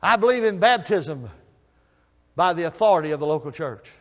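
A man preaching a sermon, telling folksy stories and swinging from soft asides to loud emphasis. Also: fairly high pitch, lively intonation, normal speed, in a large hall. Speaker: pastor.

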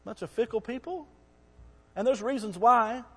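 A man preaching a sermon, retelling the story with drama and shouting out the crowd's cries. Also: extremely high pitch, normal speed, slightly rough, big-room sound.

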